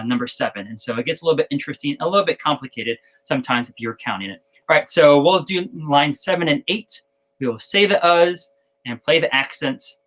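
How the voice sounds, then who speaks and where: Male drum teacher in a casual online lesson; middle pitch, easygoing, counts off and chants syllables in rhythm. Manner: relaxed, rambling with fillers and self-corrections. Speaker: percussion teacher.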